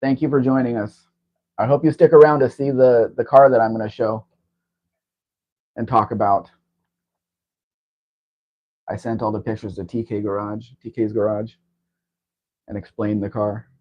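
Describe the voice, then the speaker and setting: A man's voice: fairly low pitch, fairly even intonation, normal speed, pauses often, a little mellow. A man hosting a casual livestream chat, talking in a rambling, chatty way. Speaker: livestream host. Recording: dull lo-fi stream audio.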